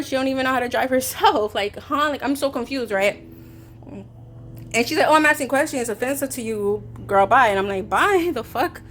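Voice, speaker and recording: A woman telling a storytime vlog in a heated, swearing way, acting out both sides of an argument. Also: a little high. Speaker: vlogger; caregiver.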